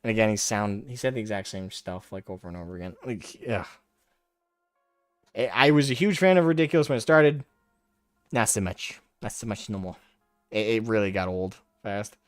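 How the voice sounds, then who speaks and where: A man's voice: on the low side, moderate pace, no room sound, soft background music. A man hosting a live stream, talking in a brash, mocking way and taunting people in a raised voice. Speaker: livestream host. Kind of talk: casual livestream commentary.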